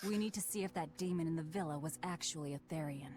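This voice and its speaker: A woman plays a brisk young heroine in a video game, speaking fast in a very low voice. Game music plays clearly behind her. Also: lightly acted. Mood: resolute. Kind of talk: game voice acting.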